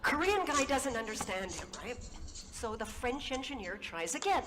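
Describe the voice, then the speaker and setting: Woman, stage talk, animated storyteller who imitates the people she quotes; fairly high voice; reverberant hall with audible noise. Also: moderate pace. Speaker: conference speaker.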